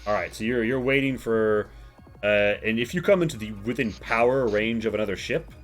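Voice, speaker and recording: A man's voice: on the low side, fairly quick, soft background music. A man narrating as game master of a tabletop game, rambling with many fillers.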